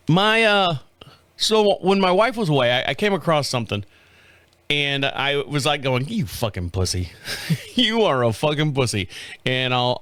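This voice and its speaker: A middle-aged man hosting his own show, telling a story in a casual, profane, animated way and laughing at himself. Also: medium pitch, smooth, no room sound. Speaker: podcast host. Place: home studio.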